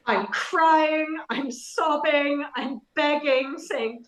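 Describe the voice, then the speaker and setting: A middle-aged woman, a guest author, telling animated anecdotes in a casual interview with self-deprecating humour. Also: high voice, very slow, pauses often, low-quality recording.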